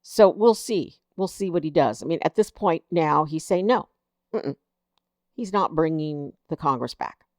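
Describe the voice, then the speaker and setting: A woman's voice: deep voice, expressive, measured pace, no room sound, studio quality. A woman hosting her own political commentary show, reading headlines aloud and reacting with indignant, exasperated disbelief. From United States.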